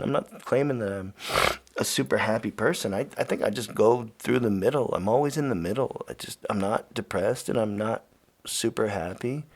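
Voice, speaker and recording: A man hosting a podcast, rambling casually and swearing often, swinging from loud rants to quiet mutters. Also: medium pitch, gravelly, husky. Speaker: podcast host. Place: Los Angeles.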